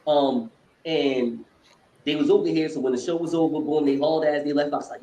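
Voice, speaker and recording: A man's voice: a little high, fairly quick, slight background noise. A man co-hosting a podcast, telling stories in casual, slangy banter. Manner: slangy, animated. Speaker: podcast co-host. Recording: echoey room.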